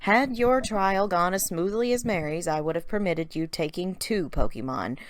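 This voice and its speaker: A woman reading the lines of a stern, formal old male professor in her own measured voice. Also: lowish voice, animated, dry recording, close to an everyday voice.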